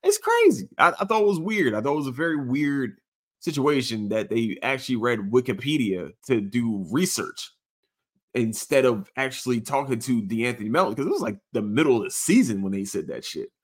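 A man rambles through a casual sports podcast, cursing freely. His middle-pitched voice swoops up into sudden excited outbursts and drops back down. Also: fairly quick. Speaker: podcast host.

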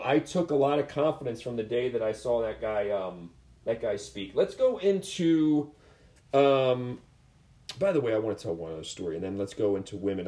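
A man's voice: mid-range voice, warm tone. A man coaching combat sports, telling stories in an earnest, rambling way with frequent restarts. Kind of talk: casual storytelling in conversation. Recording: echoey room.

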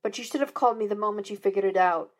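A gruff middle-aged cop, as a woman reader puts him on, speaking lower and more quietly than the others. Level and blunt. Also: very fast, close to an everyday voice. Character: gruff middle-aged male police detective.

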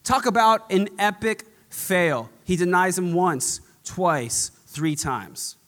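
A man's voice: sits high, sing-song, slow pace, a bit bright. A man preaching a sermon in a casual, conversational way, repeating phrases for dramatic emphasis. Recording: long hall reverb.

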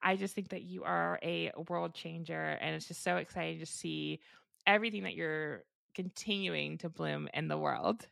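A woman's voice: lowish voice, steady tone, moderate pace, creaky, a bit bright, no room sound, studio quality. A woman hosting a podcast, talking casually and supportively with a gushing manner and many "like" fillers. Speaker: podcast host.

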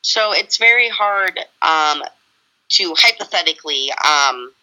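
A woman's voice: lowish voice, lively intonation, a little slow, bright, forceful tone, rough recording. A woman co-hosting a casual true-crime chat, blunt and emphatic.

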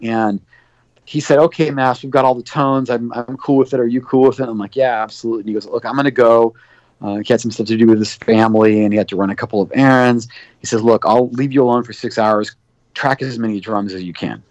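This record producer talks fast in a mid-range, steady, slightly mellow voice while guesting on an interview show. He rambles through long anecdotes full of fillers, voicing the quoted lines himself, and the sound is dull, lo-fi, and dry with no room ambience.

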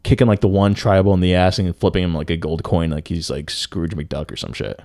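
A young man with a fairly low voice co-hosts a casual podcast, rambling through a story with constant fillers and swearing. The sound is dry and close to the mic. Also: fairly even intonation, fairly quick, no room sound. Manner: profane, rambling, lots of fillers, swings to loud disbelief. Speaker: podcast co-host.

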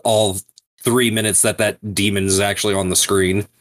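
A man with a lowish voice co-hosts a podcast in easygoing casual chat, explaining things at an unhurried pace and laughing easily. He sounds relaxed and friendly. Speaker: podcast co-host.

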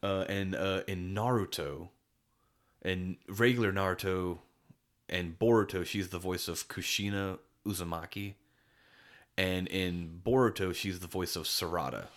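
Male podcast co-host, very low voice, rambling enthusiastic chat. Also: measured pace, fairly bright tone. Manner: rambling, enthusiastic, many restarts and fillers. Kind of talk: casual chat.

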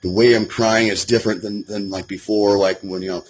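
Man sharing his recovery story, low husky voice, raw and earnest, swears a lot. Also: steady tone, fairly quick. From Colorado, USA. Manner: earnest and emotional, swears often, many restarts. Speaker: person in addiction recovery.

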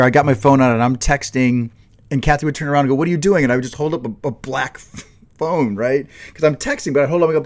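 A man in his late fifties with a middle-pitched, ordinary voice spins a lively story in casual podcast chat. He laughs often as he talks and keeps the tale rolling. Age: 50s. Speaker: podcast co-host.

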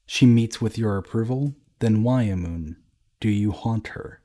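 A man voicing a boisterous drunken emperor who jeers loudly and bellows at those around him. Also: lowish voice, a little slow, natural voice. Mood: accusing. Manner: loud, jeering, theatrical outbursts.

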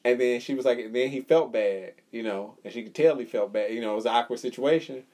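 A man's voice: medium pitch, fast talker, darkish tone. Guy cohosting a podcast, tells stories, swears a lot, does the voices. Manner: storytelling, profane, acts out quotes. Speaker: podcast co-host. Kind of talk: casual chat.

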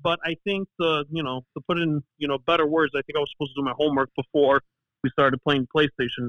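A man's voice: fairly high pitch, lively intonation, very fast, dry recording, highs cut off. A young man from the Chicago area with a Greek family, a guest casually telling stories, acting out quotes and laughing often. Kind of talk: casual storytelling chat.

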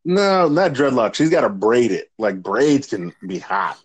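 Man, casual podcast co-host, profane and animated, dry close sound. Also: medium pitch, measured pace, breathy edge, no room sound. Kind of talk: casual chat.

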